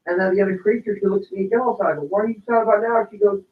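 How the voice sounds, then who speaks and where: A man's voice: high-pitched, steady tone, rapid-fire. A man chatting casually, rambling and full of fillers as he tells stories. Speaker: podcast guest. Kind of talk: casual chat. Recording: tinny, roomy sound from far off.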